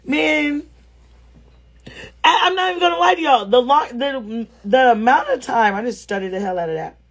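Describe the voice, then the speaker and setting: With a high voice and moderate pace, a woman spins a casual story for her live-stream audience, broadcasting from home on her phone. The vlogger doesn't hold back: she's blunt, lively, and full of swearing.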